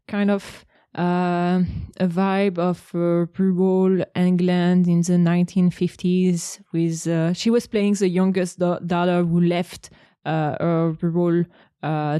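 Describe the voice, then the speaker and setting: A woman's voice: on the low side, dark tone, smooth, no echo, clean studio sound. A woman co-hosting a podcast, chatting casually and hesitantly with many fillers. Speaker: podcast co-host. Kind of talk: casual chat.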